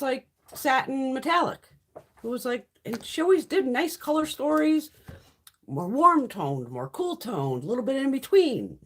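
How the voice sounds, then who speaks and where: This is a woman's high-pitched voice with a breathy edge. She runs a casual beauty livestream, going through viewer comments and offering blunt opinions laced with plenty of profanity, rambling chattily and restarting often.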